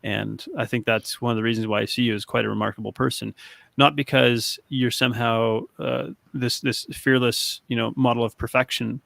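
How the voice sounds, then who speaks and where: A man's voice: mid-range voice, level tone, normal speed, gravelly, a bit bright, no room sound. A man hosting a podcast, speaking thoughtfully, with many restarts and affirmations. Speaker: podcast host. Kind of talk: reflective interview chat.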